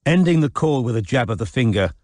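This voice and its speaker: A man narrating a novel in an audiobook in a measured, even reading. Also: medium pitch, no echo. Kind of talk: scripted narration.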